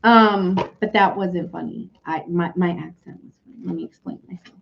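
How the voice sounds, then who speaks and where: A woman's voice: on the low side, moderate pace, gravelly, dull audio, slight background noise. A woman giving a casual, chatty tarot reading, talking loosely and laughing often. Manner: chatty, giggly, animated. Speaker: tarot reader.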